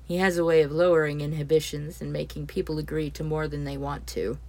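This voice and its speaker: A woman's voice: sits low, flat delivery, brisk, dark tone. A woman voicing a reserved young man who speaks in a cool, businesslike, curt way. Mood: dry.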